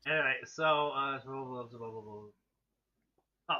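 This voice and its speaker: A man's voice: mid-range voice, slow, long pauses, pushed and bright, lo-fi sound. A man co-hosting a comedy stream, reading fanfiction aloud in a mock-dramatic way and reading the punctuation out.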